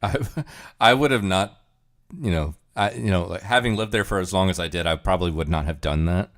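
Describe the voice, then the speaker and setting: A man's voice: low-pitched, fairly quick, fairly bright tone. A man hosting a livestream, chatting casually as he reacts to clips, rambling with plenty of fillers and chuckles. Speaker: livestream host.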